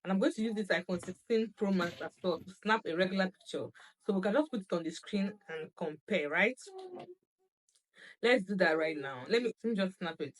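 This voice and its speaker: This is a young woman chatting in a casual vlog about a phone. She gets excited and laughs a lot, and she tends to repeat her phrases. She records herself on the phone's camera. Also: mid-range voice, fairly quick. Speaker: lifestyle vlogger.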